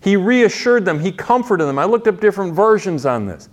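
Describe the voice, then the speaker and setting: A man's voice: sits high, big pitch swings, a little fast. A man preaching a sermon in an earnest, conversational way, often restarting his phrases. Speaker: pastor.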